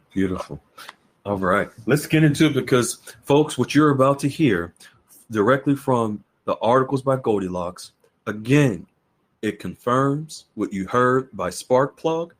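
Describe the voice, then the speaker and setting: A man's voice: mid-range voice, animated, a little slow. Guy hosting a podcast, earnest, keeps repeating himself and restarting. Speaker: podcast host. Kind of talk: casual podcast talk.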